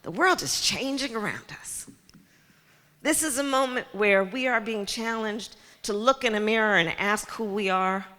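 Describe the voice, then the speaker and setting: Speaking at normal speed in a mid-range, pushed and bright voice, a woman candidate gives a rhetorical campaign speech, hammering on key phrases. She addresses a crowd in a large community center hall, and the audio is reverberant with a faint crowd.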